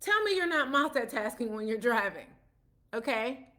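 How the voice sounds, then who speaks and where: A woman's voice: fairly high pitch, sing-song, moderate pace, sharp tone. A woman, a parent, giving a casual explanatory talk about autism, telling stories with quoted dialogue in a conversational way.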